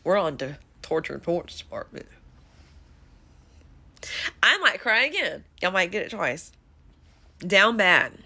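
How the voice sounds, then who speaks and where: Bright-voiced young woman, emotional vlogger. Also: fairly low pitch, big pitch swings, slow, gravelly, pauses often. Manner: emotional, confessional, swears and sighs. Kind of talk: emotional song reaction vlog.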